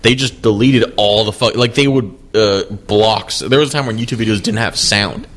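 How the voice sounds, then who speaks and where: A man's voice: lowish voice, normal speed, a bit bright. A young man co-hosting a podcast, rambling and swearing in casual chat. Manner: rambling, profane, many restarts. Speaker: podcast co-host.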